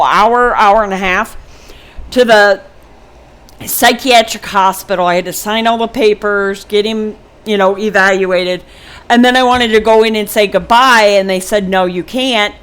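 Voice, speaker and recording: A woman in her fifties talking casually and frankly to her viewers in a personal vlog, rambling with many ums and restarts. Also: medium pitch. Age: 50s. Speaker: vlogger. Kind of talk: casual personal talk to camera.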